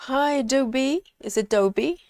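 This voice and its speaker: Woman, slow unhurried pace, dry close sound, casual live-stream chat, reads comments aloud. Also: sits high, no room sound. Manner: relaxed, reads viewer comments aloud, frequent ums.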